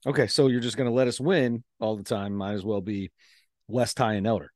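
Animated Midwestern man, dry close sound. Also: on the low side, fairly quick, dry recording. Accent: American Midwest. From American Midwest. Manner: animated storyteller, playful ribbing. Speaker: podcast co-host. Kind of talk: casual chat.

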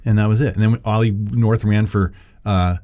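Man, podcast co-host, low warm voice, animated and digressive, casual chat. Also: normal speed. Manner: animated, digressive, laughs often.

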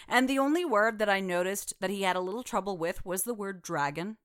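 A woman's voice: medium pitch, brisk, a bit bright, clean tone. A woman co-hosting a film podcast, chatting casually and emphatically about the movies. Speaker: podcast co-host. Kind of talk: casual chat.

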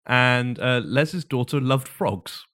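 A man's voice: mid-range voice, takes it slowly, fairly bright tone, clear, resonant tone. A man co-hosting a podcast, telling the story in a casual chat and often laughing as he goes. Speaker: podcast co-host.

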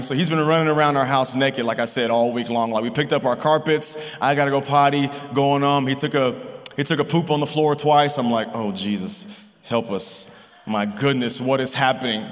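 Male pastor, 30s, bright high voice, relaxed conversational sermon delivery, reverberant hall. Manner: casual, conversational preaching with personal stories.

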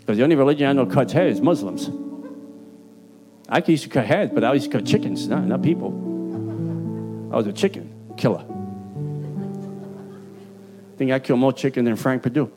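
A man with a Puerto Rican accent delivers a sermon in a mid-range voice. His preaching is emphatic and streetwise, and his voice jumps up for the punchlines. Guitar music plays clearly underneath. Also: medium pitch, animated, fast, pauses often. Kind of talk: sermon with altar call.

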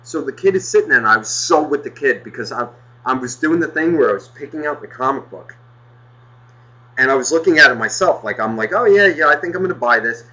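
Brief: male podcast co-host, sharp bright voice, foul-mouthed exasperated storyteller, muffled lo-fi audio. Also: medium pitch, lively intonation, fairly quick. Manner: profane, exasperated, heavy swearing. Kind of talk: casual storytelling rant.

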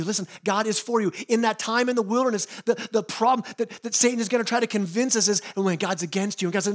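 A man's voice: sits high, fairly even intonation, a little fast. A male pastor preaching a sermon, earnest and often repeating words as he presses a point.

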